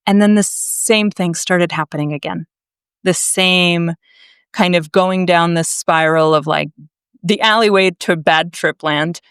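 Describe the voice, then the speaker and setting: A woman from Massachusetts, a naturopathic doctor, telling her story to a podcast host in a blunt, animated way. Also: lowish voice, measured pace, smooth, no room sound, studio quality. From Massachusetts, USA. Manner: animated, emphatic, blunt, swears freely. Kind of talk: conversational storytelling.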